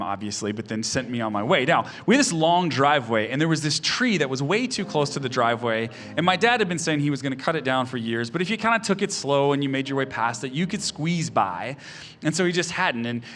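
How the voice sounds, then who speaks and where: A man in his thirties, a pastor giving an earnest sermon, often soft-spoken and picking up speed when telling stories. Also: medium pitch. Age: 30s.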